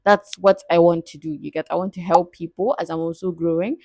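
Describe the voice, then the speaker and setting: A woman's voice: lowish voice, fairly even intonation, a little fast, a little mellow, no echo, clean studio sound. A young woman, answering viewer questions in a candid, playful way that breaks into frequent laughs. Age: 20s. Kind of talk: casual Q&A vlog.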